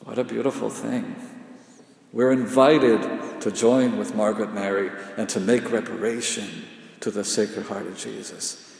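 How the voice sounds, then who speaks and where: A man delivers a sermon in an unhurried, measured rhythm, his low voice rough with gravel. He builds phrase on phrase with long pauses and often sinks to a hushed, intense murmur. The words ring out through a large hall with a long, trailing reverb. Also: steady tone. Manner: slow, repetitive cadence with dramatic pauses, often dropping to a hushed intensity. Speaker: preacher.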